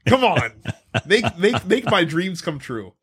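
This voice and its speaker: A man co-hosting a podcast in casual chat, excitable and riffing, with frequent swearing and laughter. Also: sits high, a little slow, husky. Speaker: podcast co-host.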